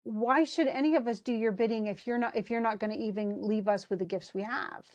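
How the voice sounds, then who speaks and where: A woman's voice: a little high, steady tone, a little fast, a little mellow, close to an everyday voice. A woman voicing a furious, proud young male warrior in a casual, heated retelling voice. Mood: angry.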